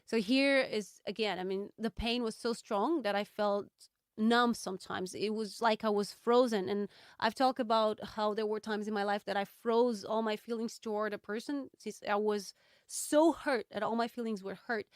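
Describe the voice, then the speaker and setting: A woman hosting a solo podcast, reflecting candidly and thoughtfully, with frequent ums and pauses. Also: mid-range voice, steady tone, clear, resonant tone, dry recording, studio quality. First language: Portuguese. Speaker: podcast host.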